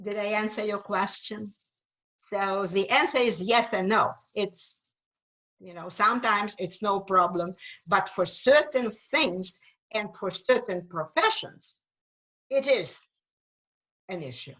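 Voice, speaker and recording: A woman with a Ukrainian accent, an author speaking as a webinar guest, answering questions earnestly and with emphasis, often pausing on fillers. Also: mid-range voice, a bit bright, poor audio. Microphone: video call.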